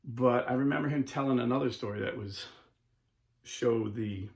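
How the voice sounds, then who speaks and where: A man hosting a Catholic talk show, telling stories in a casual, animated way. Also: medium pitch, normal speed, gravelly. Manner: animated storyteller, casual with filler words. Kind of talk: storytelling talk.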